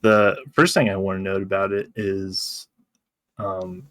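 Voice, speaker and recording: Guy on a podcast, lowish voice, dry close sound, laughs a lot while he talks. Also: level tone, measured pace, no echo. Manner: laughs while talking, acts out quotes. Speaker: podcast co-host. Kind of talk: casual chat.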